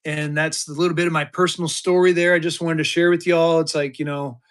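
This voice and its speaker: A man's voice: on the high side, level tone, fairly quick, smooth. A man, chatting casually and rambling through a live-stream auction as its seller. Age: 50s. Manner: rambling, chatty, with many restarts and fillers.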